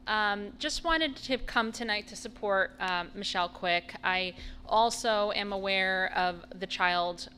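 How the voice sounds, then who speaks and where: A woman's voice: mid-range voice, measured pace, sharp tone, a little hiss or hum. A woman, a mother, giving a conversational and earnest public comment at a school board meeting. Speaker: parent speaking at public comment.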